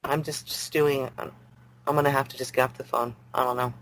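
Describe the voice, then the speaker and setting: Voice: mid-range voice, flat delivery, brisk, fairly bright tone, slight background noise, rough recording. A prank caller on the phone, angry, provoking and swearing. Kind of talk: phone conversation.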